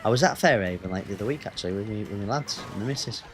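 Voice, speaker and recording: A man's voice: lowish voice, expressive, very fast, faint music behind. A man, chatting casually and swearing as he streams a racing game. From Northwest England. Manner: chatty, banters with chat, swears. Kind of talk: casual gaming stream chat.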